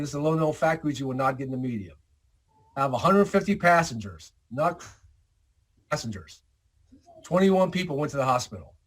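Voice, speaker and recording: Male speaker for a club talk, lively storyteller with a somewhat high voice. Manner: animated storyteller, acts out quoted dialogue. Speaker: guest speaker.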